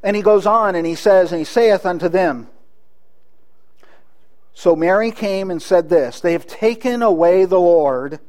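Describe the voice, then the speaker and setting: A man with a high voice preaching a sermon. He talks earnestly, often restarting his sentences and putting questions to his listeners. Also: unhurried, darkish tone. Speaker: pastor.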